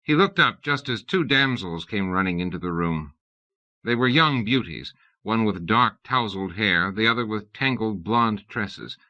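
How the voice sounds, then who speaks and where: A man reading a comic fantasy novel aloud as an audiobook narrator, in measured, even storytelling. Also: fairly low pitch. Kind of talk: scripted narration. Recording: dull lo-fi audiobook recording.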